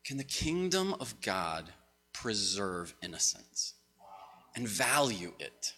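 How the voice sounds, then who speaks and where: A man's voice: lowish voice, sing-song, slow pace, sharp tone, slightly rough. A man giving a conversational, story-driven sermon to a congregation as pastor. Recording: long hall reverb.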